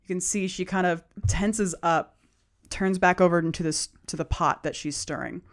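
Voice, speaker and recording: A woman narrating a tabletop game as game master, describing scenes in an unhurried, descriptive way. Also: fairly low pitch.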